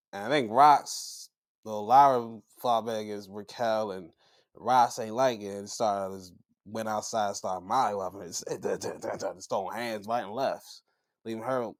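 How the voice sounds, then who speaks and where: A man hosting a podcast, recapping matches in casual, profane talk and acting out quotes in a high voice. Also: steady tone, a little slow. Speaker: podcast host.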